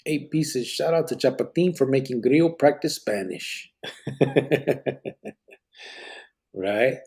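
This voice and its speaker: A man's voice: medium pitch, animated, slow, darkish tone, breathy edge. A man hosting a casual live podcast, reading chat comments aloud in a laid-back way, swearing freely and dropping Spanish words.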